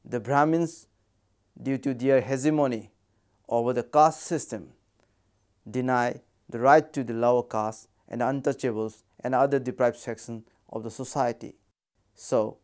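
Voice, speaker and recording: A man with an Indian English accent giving a measured academic lecture, reading from prepared text. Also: mid-range voice, steady tone, darkish tone, clean tone.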